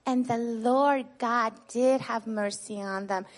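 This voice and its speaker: A woman teaching children a Bible lesson. She retells the story in a lively, expressive way, tags nearly every sentence with "right?" and asks the children questions before answering them herself. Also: a little high, slow pace.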